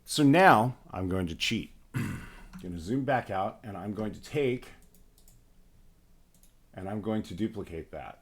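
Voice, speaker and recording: A man hosting a casual livestream music tutorial, his voice hoarse from phlegm, thinking aloud and narrating each step of his work with small restarts. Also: fairly low pitch, animated, a little slow, pauses often. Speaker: livestream host.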